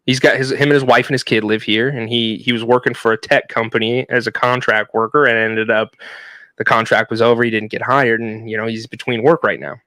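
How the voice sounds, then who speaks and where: Bright-voiced man telling a story. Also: medium pitch, a little fast, dry recording. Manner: animated, profane storytelling with frequent fillers. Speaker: podcast co-host. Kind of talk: casual storytelling chat.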